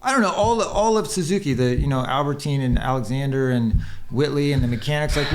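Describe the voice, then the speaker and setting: A man's voice: mid-range voice, brisk, slight background noise. A man who is a podcast guest and former motocross racer, telling a long, rambling, profane story in casual chat and acting out the quotes.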